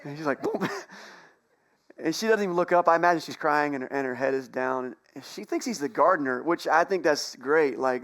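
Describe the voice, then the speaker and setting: A man with a slightly high voice delivers a sermon in a church sanctuary. He tells the story in a conversational way, slipping in playful asides and quick jokes as he goes. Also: a bit bright. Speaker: pastor.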